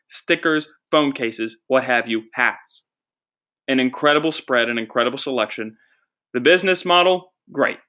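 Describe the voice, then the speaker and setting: Bright-voiced rambling young comedian, a man. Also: medium pitch. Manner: rambling, self-deprecating, jokey. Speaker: podcast host and comedian. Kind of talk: casual solo podcast monologue. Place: small studio with a producer.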